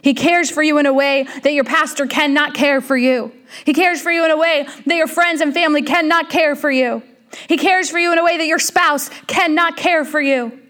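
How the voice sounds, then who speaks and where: High-voiced woman preaching a sermon. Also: steady tone, normal speed, a bit bright. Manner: earnest, repetitive, addresses listener as friend.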